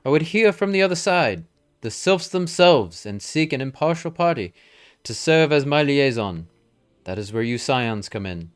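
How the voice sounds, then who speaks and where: A man's voice: medium pitch, sing-song, normal speed, clear, resonant tone, faint music behind, natural voice. A man voicing a stern, formal male military commander with a stately, old-fashioned delivery, reading game dialogue aloud.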